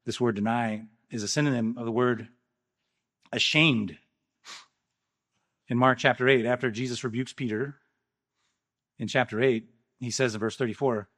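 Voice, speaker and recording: A man with a bright, forward voice delivers a sermon as a pastor. He preaches emphatically, pushing lines up loud and letting others fall away quiet. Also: medium pitch, fairly even intonation, moderate pace, long pauses. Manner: emphatic preaching, swinging between loud rises and quiet drops.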